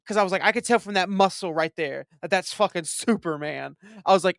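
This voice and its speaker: A man hosting a casual movie commentary, retelling his reactions in an excitable, profane, animated way. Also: sits high, quick pace, clean tone, dry recording, studio quality.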